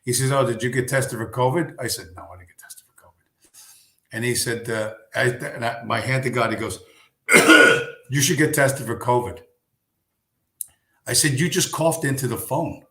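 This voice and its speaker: A man hosting a laid-back livestream, speaking at an ordinary middle pitch. He rambles through his story with plenty of swearing, fillers and false starts. His voice rings around a roomy, echoey space. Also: normal speed, a bit bright. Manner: rambling, swears often, many fillers and restarts. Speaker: livestream host. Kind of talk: casual chat stream.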